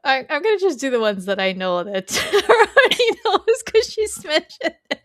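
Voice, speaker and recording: Giggly woman hosting, a bit high-pitched. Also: big pitch swings, normal speed, a bit bright, no room sound, clean studio sound. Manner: giggly, laughs often between lines. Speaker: podcast host and quiz master. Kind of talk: casual podcast chat.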